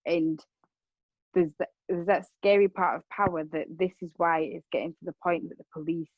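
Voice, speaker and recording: A woman's voice: on the low side, fairly even intonation, normal speed, dry recording, narrow, tinny audio. A young woman, telling of her own experiences in an earnest, casual way, repeating words and circling back as she talks. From Rwanda. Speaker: speaker on racism. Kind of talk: personal account, casual talk.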